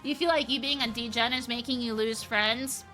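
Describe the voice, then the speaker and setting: Bright, high-pitched woman streamer chatting. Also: steady tone, normal speed, faint music behind. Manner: chatty, swears casually, reads chat aloud. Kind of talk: casual live-stream chat with viewers.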